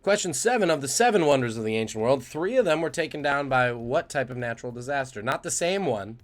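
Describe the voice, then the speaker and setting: A man's voice: medium pitch, expressive, fast talker. A man hosting a live trivia stream, joking and reading out the chat's guesses. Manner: jokey, punning, reads chat aloud. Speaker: trivia quiz host.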